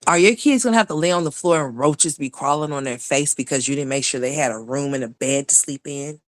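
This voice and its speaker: A woman's voice: a bass voice, brisk, dry recording. A woman hosting reaction commentary, blunt and profane, firing off rhetorical questions. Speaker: commentary channel host.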